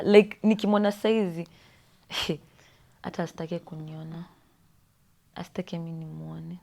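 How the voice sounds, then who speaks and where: Young Kenyan woman, soft low whispery storytelling. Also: little pitch movement, slow pace, long pauses. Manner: often drops to a breathy whisper, switches between English and Swahili slang. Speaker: podcast guest. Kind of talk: personal storytelling. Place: podcast studio.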